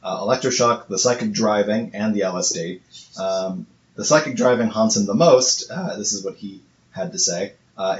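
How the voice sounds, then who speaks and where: Speaking at normal speed with a fairly low pitch, this man co-hosts a casual podcast chat and trips over repeated words as he reads testimonies. The recording sounds lo-fi and muffled, with room echo and a faint hiss.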